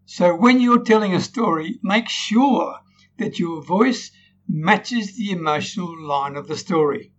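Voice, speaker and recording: A man's voice: sits high, lively intonation, unhurried, husky, lo-fi sound. Upbeat man coaching storytelling. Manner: demonstrates tones, frequent "right?" tag questions. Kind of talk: recorded lesson.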